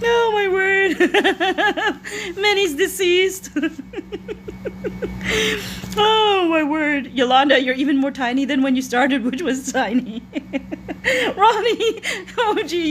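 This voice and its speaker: Woman, very high voice, slow drawn-out talk, teary helpless laughter, live stream on a phone. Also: a little hiss or hum. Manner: laughing helplessly, teary, reading viewer comments aloud. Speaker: live-stream host reading comments. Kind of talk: casual live-stream chat. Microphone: phone front camera.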